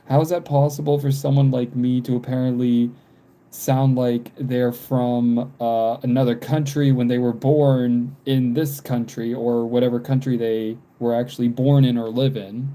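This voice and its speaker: Warm in tone but flat in delivery, a mid-range voice at normal speed comes from a twentysomething American drawing on a livestream. He chats casually and rambles as he doodles, repeating himself with many ums.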